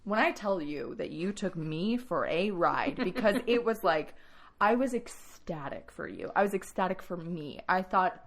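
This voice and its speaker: A young woman co-hosting a podcast, telling stories in a lively, laughing way during casual chat. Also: on the low side, a little slow. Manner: animated storyteller, laughs often. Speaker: podcast co-host.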